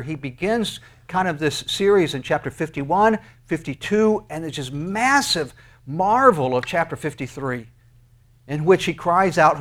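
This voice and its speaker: A man preaching a sermon, moving from quiet, hushed asides to loud, shouted commands. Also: on the high side. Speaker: pastor.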